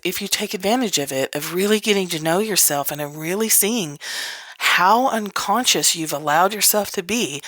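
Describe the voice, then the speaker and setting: Low-voiced woman, candid and laughing. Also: a bit bright, no echo. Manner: candid, laughs often, swears casually. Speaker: podcast host. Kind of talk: casual spoken teaching.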